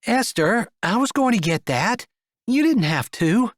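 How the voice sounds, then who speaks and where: A bustling young woman , as a male narrator puts her on, fusses over her sister in a high, lively voice. Storybook romance, read close and dry. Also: a little slow, no room sound. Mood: fussing.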